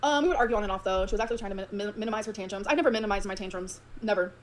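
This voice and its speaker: A woman's voice: medium pitch, rapid-fire, a little hiss or hum. A woman ranting to her viewers, profane and emotional, swinging between grievance and sarcasm. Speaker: streamer ranting on her own stream. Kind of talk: rapid unfiltered rant.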